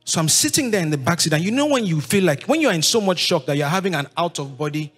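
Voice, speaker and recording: A man with a Nigerian accent in his thirties, telling his life story to an audience in lively, animated storytelling. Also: quick pace, breathy edge. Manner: lively, acts out voices of others with big pitch jumps, laughs while telling.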